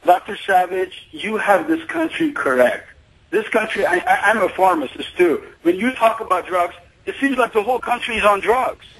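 A man's voice: high-pitched, animated, normal speed, fairly bright tone, slightly rough, low-quality recording. A middle-aged man from Iran calling into a radio show, hesitant and full of fillers. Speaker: caller. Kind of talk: phone-in call to radio show.

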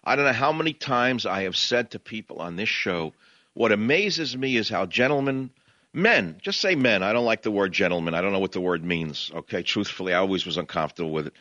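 A man's voice: on the low side, animated, brisk, pushed and bright, no echo, lo-fi sound. A man from New York with a New York accent, hosting a talk radio show in an impassioned, combative way. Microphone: studio microphone, dry.

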